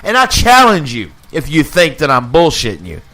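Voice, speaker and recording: A fired-up man hosting a live show, swearing through a heated rant and hammering his points by repeating them. His voice sits high and swings widely in pitch. He talks casually, with no polish. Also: wildly swooping pitch, normal speed, sharp tone. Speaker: podcast host. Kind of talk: casual profane political rant.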